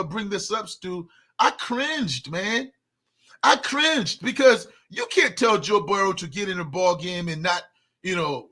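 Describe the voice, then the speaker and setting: Emphatic high-voiced man talking sports. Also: sharp tone. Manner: emphatic, repeats words when fired up. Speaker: sports talk co-host. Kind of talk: casual sports debate.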